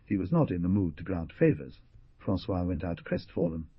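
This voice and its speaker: A man narrating an audiobook in a dramatic style, with a husky voice and lively delivery of the characters' lines. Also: low-pitched, moderate pace, dry recording. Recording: dull, muffled studio recording.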